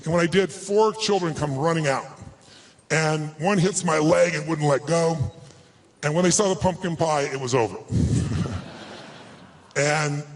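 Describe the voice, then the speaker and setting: A man giving a live motivational talk to an audience, telling a personal story in an emphatic, earnest way. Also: on the high side. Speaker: motivational speaker.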